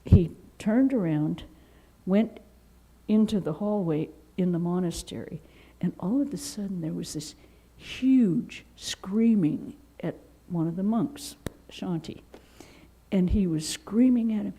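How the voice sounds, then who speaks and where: A woman from Seattle who is a nun, telling lively anecdotes in an interview and acting out quotes. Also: lowish voice, takes it slowly, breathy edge, low-quality recording. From Seattle, United States. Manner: animated, with laughter and acted-out quotes. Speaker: Vedanta nun.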